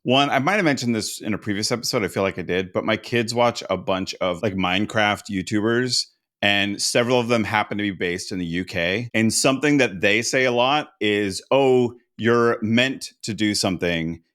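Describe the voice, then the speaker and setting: A man's voice: on the low side, a little fast, fairly bright tone. A man co-hosting a podcast, chatting casually and working through ideas as he explains them. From United States. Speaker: podcast co-host. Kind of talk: casual chat.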